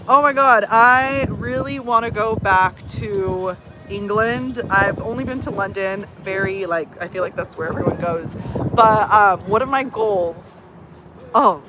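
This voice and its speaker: A woman's voice: medium pitch, fairly bright tone, low-quality recording. A woman in her thirties, a personal growth coach, chatting casually on a livestream with lots of fillers in a bubbly, talkative way.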